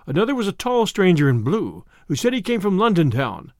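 A man narrating a classic storybook tale in an expressive reading of archaic prose. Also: high-pitched, a little fast, no echo, studio quality.

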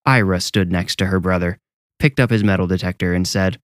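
Low-voiced man narrating horror. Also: a little fast, no room sound.

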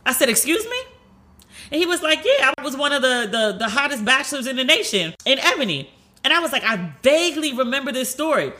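Bright-voiced chatty woman podcaster. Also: fast. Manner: chatty, animated, swears freely, acts out quoted voices in a higher pitch. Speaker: podcast host. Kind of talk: casual solo podcast storytelling.

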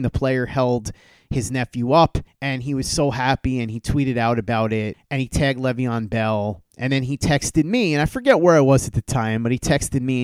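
A man hosting a podcast, telling a fond story about a late friend and acting out their back-and-forth in lively quoted dialogue. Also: mid-range voice, clean tone, dry recording. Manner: animated storyteller who acts out quoted dialogue. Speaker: podcast host. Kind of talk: casual storytelling tribute.

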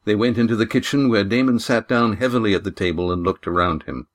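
A man reading his own novel aloud as the audiobook narrator, in a measured, even storytelling manner. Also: fairly low pitch.

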